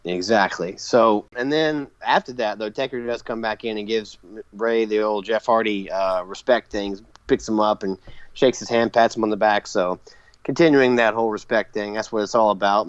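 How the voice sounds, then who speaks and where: A man's voice: fairly low pitch, fairly even intonation, normal speed, no echo, lo-fi sound. A man co-hosting a podcast, recapping eagerly in casual chat with lots of fillers. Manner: enthusiastic recapping with frequent fillers and laughs. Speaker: podcast co-host.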